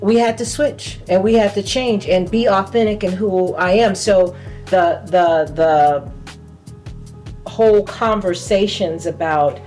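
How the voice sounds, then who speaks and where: A woman who grew up in California, a podcast guest telling a personal story in a lively, laughing way. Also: mid-range voice, unhurried, soft background music. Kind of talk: casual storytelling.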